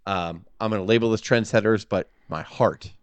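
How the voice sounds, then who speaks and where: A man co-hosting a wrestling podcast, excitable, often ranting and swearing in bursts. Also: on the low side, moderate pace, clear, resonant tone, no echo. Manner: excitable, swears a lot, bursts into loud rants. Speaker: podcast co-host who wrote the segment. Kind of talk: casual podcast chat.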